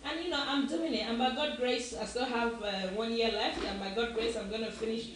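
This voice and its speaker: A woman's voice: a little high, fairly quick, slight background noise. A woman from Africa, hosting a live online show in a chatty, encouraging way and laughing often. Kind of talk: casual talk to live viewers. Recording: echoey room, mic far off.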